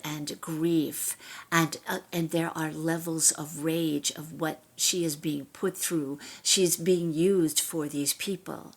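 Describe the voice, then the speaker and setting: A middle-aged actress chatting as an interview guest, telling animated stories and often restarting her sentences. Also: low-pitched, gravelly, husky. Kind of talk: casual interview chat.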